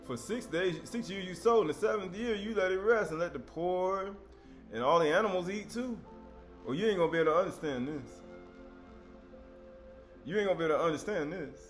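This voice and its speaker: A man delivers a casual sermon in a fairly high voice, mixing scripture readings with street-talk asides and rhetorical questions. Faint music plays quietly beneath him. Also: a little fast, long pauses. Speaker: preacher. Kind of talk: informal sermon teaching.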